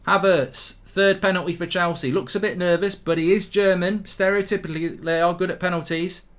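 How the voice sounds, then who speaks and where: Excitable man doing live football commentary. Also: sits high, a little fast, hardly any pauses. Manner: excitable, swears casually, rants in bursts. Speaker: host of a live football watchalong stream.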